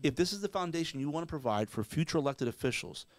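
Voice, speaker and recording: A man's voice: fairly high pitch, expressive, quick pace, dry recording. A man co-hosting a podcast, ranting emphatically and with profanity, acting out mock quotes as he goes. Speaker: podcast co-host. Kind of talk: casual ranting commentary.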